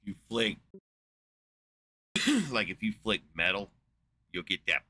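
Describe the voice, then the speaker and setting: A man's voice: low-pitched, measured pace, pushed and bright, no room sound. A man in a casual, rambling monologue, swearing a lot, incredulous and full of fillers. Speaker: podcast host. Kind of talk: casual profane rant.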